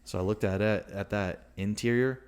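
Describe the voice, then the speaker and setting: A young man co-hosting a podcast tells a long, animated story in casual chat, rambling and restarting often. His lowish voice is smooth and moves at normal speed.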